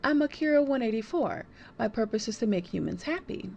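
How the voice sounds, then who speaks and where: A woman's voice: fairly high pitch, expressive, brisk, gravelly, darkish tone, muffled recording, a little hiss or hum. A woman reading the lines of an earnest android built to make humans happy, in a plain reading voice. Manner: reads game text aloud plainly.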